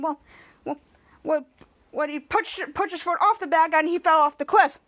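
Her voice sitting high, a podcast host retells a TV episode loosely, stumbling into many restarts along the way. She performs the characters' dialogue with lively, animated voices.

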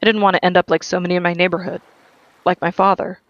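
A reader giving a steady, earnest first-person reading of a novel. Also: medium pitch, fast talker, dry recording, muffled recording. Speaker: audiobook reader.

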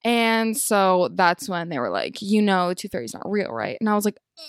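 A young woman co-hosting a podcast in casual chat, telling stories in a lively way full of "like" and acted-out quotes. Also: medium pitch, moderate pace, clean tone, no echo, studio quality. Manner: animated storytelling with lots of "like" and acted quotes. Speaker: podcast co-host.

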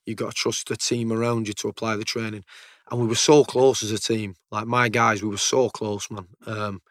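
In a lowish, a bit bright voice with little pitch movement and a moderate pace, a military veteran from the United Kingdom tells stories in casual conversation. He's blunt, swears freely, and repeats words as he goes, recorded at studio quality with no echo.

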